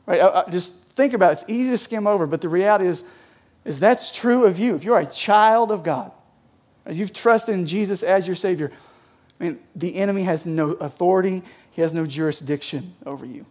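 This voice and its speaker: A man's voice: high-pitched, fairly quick, darkish tone. A young adult man in the States, a pastor giving a casual, conversational sermon in a church, often checking in with "right?". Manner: chatty, peppers talk with "right?" and "like". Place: church sanctuary.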